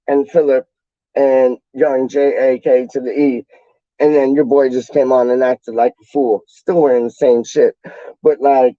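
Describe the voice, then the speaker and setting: A man's voice: mid-range voice, mellow, dry recording, lo-fi sound. A man from the UK hosting a casual livestream, reading out chat in a slangy, rambling, playful way. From United Kingdom.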